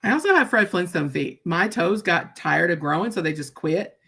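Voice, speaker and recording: Blunt chatty woman with lively pitch. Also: moderate pace, creaky, slightly rough. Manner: chatty and blunt, laughs often, says "like" and "right?" a lot. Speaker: live-stream host. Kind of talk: casual chat while crafting on a live stream.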